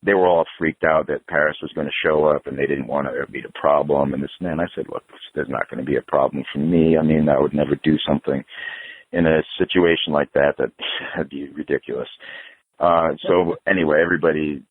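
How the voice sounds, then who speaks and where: A man, a podcast guest, telling a story in casual chat, animated and profane, laughing through it. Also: a bass voice, brisk, husky, no room sound, phone-quality sound.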